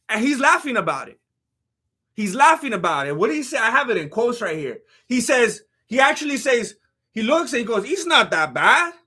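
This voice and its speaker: A man doing casual, jokey live-stream commentary on fight news and thanking chat members. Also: extremely high pitch. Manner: animated, jokey, reads chat donations aloud.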